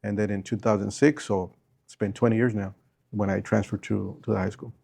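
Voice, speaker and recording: Gravelly low-voiced man in his fifties. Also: a little fast. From Bolivia. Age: 50s. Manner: relaxed storytelling, repeats answers. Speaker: interviewee, teacher and coach. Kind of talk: casual interview.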